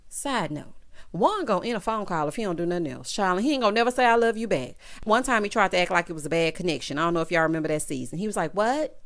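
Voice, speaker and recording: Sassy woman recapping reality TV. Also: mid-range voice. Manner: sassy, drawling asides of "child" and "honey"; laughs at her own jokes. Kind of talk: casual opinionated commentary.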